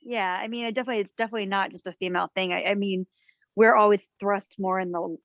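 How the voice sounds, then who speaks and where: A woman's voice: medium pitch, fairly even intonation, fast, no room sound, lo-fi sound. A woman chatting casually as a podcast co-host, rambling with lots of fillers. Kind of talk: casual chat.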